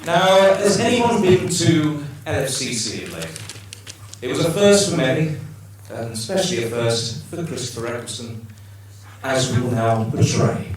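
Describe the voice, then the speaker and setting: A man's voice: medium pitch, very animated, normal speed, distant mic, noisy background. A man introducing a live comedy show in a theatrical compère manner. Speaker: comedy podcast host. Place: live stage show in a large hall. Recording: echoey live hall, mic from afar. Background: audience.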